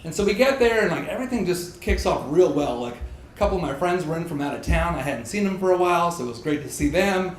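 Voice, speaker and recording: A man telling a true personal story on stage, animated and self-mocking, laughing through his lines. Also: on the high side, fast. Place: stage in a pub. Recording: echoey live room, faint crowd noise.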